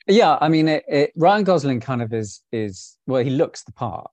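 A man's voice: medium pitch, sing-song, normal speed, darkish tone, no room sound. A man co-hosting a film club chat, talking casually and easily breaking into laughter. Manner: chatty, laughs often, backchannels.

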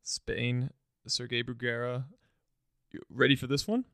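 Gravelly man in a dry, close sound. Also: mid-range voice, measured pace, no room sound. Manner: relaxed, hesitant with "um", teasing. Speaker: podcast co-host. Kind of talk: casual sports chat.

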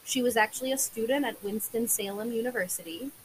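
A woman's voice: a little high, quick pace, a little hiss or hum, rough recording. A young woman co-hosting a true crime podcast, recounting case details casually with many filler words. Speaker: podcast co-host.

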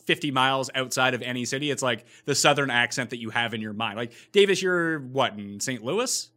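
A man's voice: mid-range voice, brisk, bright, forceful tone. A Canadian man hosting a podcast, chatting casually in a rambling way with frequent restarts. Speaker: podcast host. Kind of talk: casual chat.

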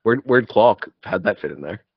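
A man's voice: on the low side, expressive, a little fast, husky, no echo, highs cut off. A man co-hosting a casual movie podcast, laughing often and making jokey asides. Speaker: podcast co-host.

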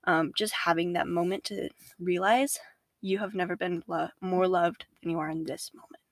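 A young woman, a podcast guest, talking casually about faith, animated, laughing often and acting out her own inner voices. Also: fairly low pitch, moderate pace, no room sound.

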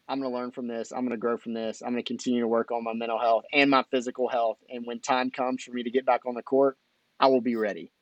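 A man co-hosting a podcast, talking through a sports story in casual chat, upbeat and quick in bursts. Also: mid-range voice, no room sound. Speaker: podcast co-host.

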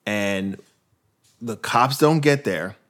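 Young guy hosting a podcast, chatty, acts out every quote with his voice jumping around. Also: takes it slowly. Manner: animated, acts out quotes with big pitch jumps. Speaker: podcast host. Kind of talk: casual storytelling chat.

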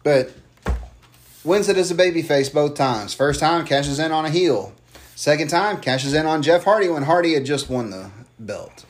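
A man's voice: a little high, expressive, normal speed. Heated, foul-mouthed man ranting casually. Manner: heated, swears freely, mocks wrestlers in put-on voices. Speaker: podcast co-host. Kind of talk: casual wrestling chat.

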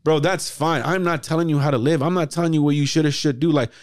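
A man hosting a casual podcast chat, talking in an animated way, swearing freely and acting out his own past thoughts. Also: a little high, fast, no echo, clean studio sound. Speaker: podcast host.

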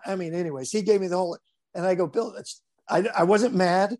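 His voice sits high and runs a little fast as this baseball coach chats casually. Rambling and relaxed, he strings his stories together with many fillers.

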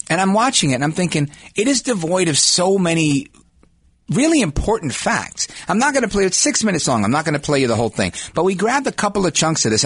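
A brash man hosts a talk radio show from a dry studio booth, talking into a close microphone. His voice sits a little high for a man and swoops all over as he talks. There is a slight huskiness to his tone. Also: husky, no echo. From United States, Puerto Rican descent. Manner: brash, animated, self-assured.

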